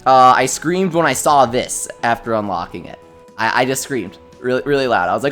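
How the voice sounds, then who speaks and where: A young man hosting a casual game livestream, reading chat messages aloud and reacting with excitement. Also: mid-range voice, moderate pace, faint music behind. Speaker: gaming livestreamer.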